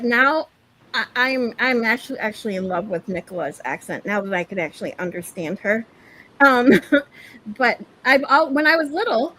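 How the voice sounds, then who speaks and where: A woman's voice: high-pitched, fairly bright tone, low-quality recording. Giggly woman hosting a casual stream. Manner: giggly, swears freely. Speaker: stream host. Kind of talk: casual chat.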